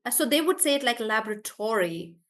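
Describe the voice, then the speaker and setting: This English pronunciation teacher, running a live online lesson, draws words out slowly to highlight stress and addresses students by name when replying. Her voice sits on the high side, fairly bright, with lively intonation.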